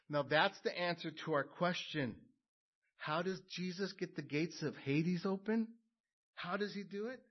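A man preaching a sermon with a fairly high voice. He builds to loud, emphatic peaks, then drops low and quiet. The recording sounds dull and lo-fi. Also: unhurried, slightly rough.

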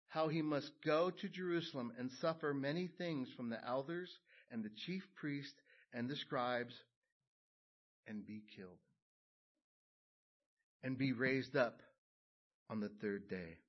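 Emphatic preacher, man, lo-fi sound. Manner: builds to loud emphatic peaks, then drops low and quiet. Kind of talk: sermon. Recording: dull lo-fi sound.

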